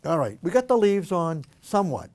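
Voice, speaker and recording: A man's voice: on the high side, sing-song, brisk, heavy background noise. An older man hosting an art show, chatting casually and telling rambling stories while he demonstrates painting.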